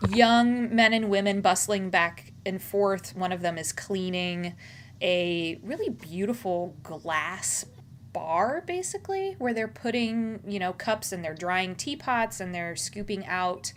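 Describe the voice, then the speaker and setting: A woman's voice: medium pitch, slow, slight background noise. A woman narrating a tabletop game as game master, describing scenes and laughing often.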